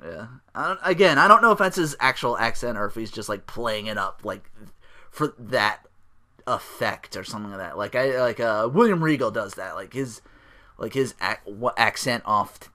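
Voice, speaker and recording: A man's voice: lowish voice, moderate pace, bright, forceful tone. A man hosting a solo podcast, rambling casually with lots of fillers and restarts. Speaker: podcast host.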